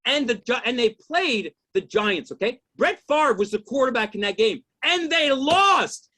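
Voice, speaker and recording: A man's voice: very high voice, expressive, a little slow, bright, forceful tone. Exasperated ranting stand-up man. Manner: ranting, exasperated, swears often, keeps asking "you know what I mean?". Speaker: stand-up comedian. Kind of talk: stand-up routine.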